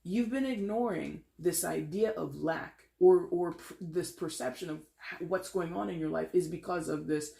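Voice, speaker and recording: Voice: mid-range voice, normal speed, vocal fry, warm tone. Blunt tough-love tarot reader, roomy sound. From United States. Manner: sarcastic, mimics whiners. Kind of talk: tarot reading video.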